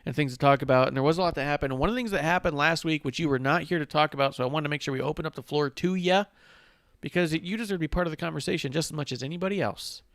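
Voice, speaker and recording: A man's voice: a little high, racing, a bit bright, no echo, clean studio sound. A young adult man from the United States hosting a casual wrestling podcast, joking loosely and drinking on air. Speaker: podcast host.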